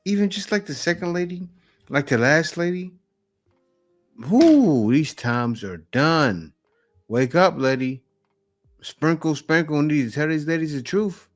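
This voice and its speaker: A man's voice: a little high, a little slow, fairly bright tone, faint music behind. A man hosting a reaction video, commenting casually on clips, laughing and repeating phrases.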